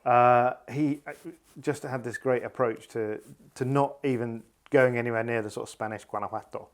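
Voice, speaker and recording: A man's voice: medium pitch, steady tone, normal speed. A man co-hosting rally news in a casual, jokey, storytelling chat. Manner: chatty, jokey, wordy storyteller.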